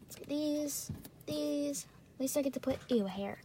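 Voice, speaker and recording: A young woman casually chatting while unboxing and trying slimes, sometimes squealing and sometimes dropping to a soft near-whisper. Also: high-pitched, a little slow. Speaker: slime reviewer. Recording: loud background noise.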